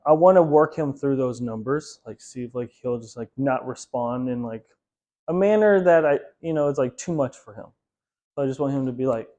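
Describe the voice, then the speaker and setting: Male dog trainer, slightly high voice, loose chatty teaching with frequent laughs. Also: darkish tone. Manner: casual, chatty, laughs often, many "like" fillers. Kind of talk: hands-on training lesson.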